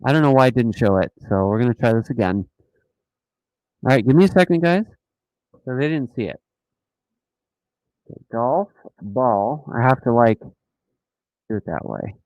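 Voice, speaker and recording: A man hosting a casual live stream, talking in an animated, mocking way and often repeating himself. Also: mid-range voice, normal speed, long pauses, dry recording, rough recording. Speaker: host of a dashcam channel live stream.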